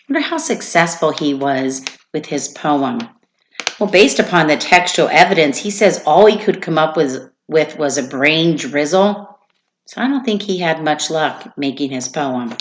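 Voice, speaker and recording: A woman's voice: low voice, animated, a little slow. A woman teacher reading a children's chapter book aloud, stopping to explain reading skills to young listeners. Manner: explanatory, prompts listeners to infer.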